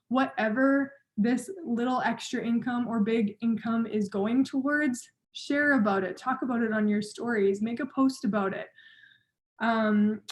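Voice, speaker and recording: A woman's voice: a little high, a little mellow. A woman training her team of coaches, talking in an upbeat, encouraging way straight to her listeners.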